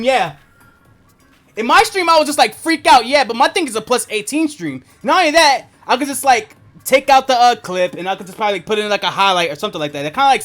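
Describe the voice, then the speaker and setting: A male streamer chatting loosely to his viewers, his pitch swinging widely up and down. He swears freely, laughs often, and leans on filler words as he tells his story. Faint music sits quietly behind him. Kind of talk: casual storytelling chat on a live stream.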